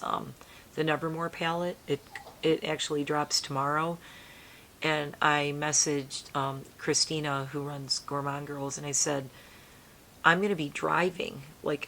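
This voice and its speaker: A woman's voice: deep voice, a little hiss or hum. A middle-aged woman vlogging in a casual, emotional, rambling way, sometimes dropping to a near whisper. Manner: rambling, emotional, soft-spoken with laughs. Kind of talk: casual chat to camera.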